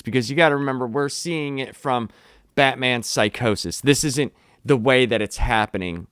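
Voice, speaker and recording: A man giving a casual, animated comic book review, recapping the plot and acting out the characters' lines, with some swearing. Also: mid-range voice, smooth, dry recording, studio quality. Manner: animated, swears, acts out quotes.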